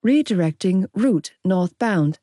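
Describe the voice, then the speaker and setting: A woman voicing a car sat-nav, giving directions in a flat, mechanical way, in an audiobook. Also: medium pitch, takes it slowly, no echo, clean studio sound. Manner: flat robotic instructions.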